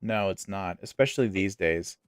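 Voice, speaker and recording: A man's voice: low-pitched, moderate pace, clear, resonant tone, dry recording, clean studio sound. A young man streaming a game, chatting and joking while telling stories. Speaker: gaming streamer. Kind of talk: casual chat while playing a game.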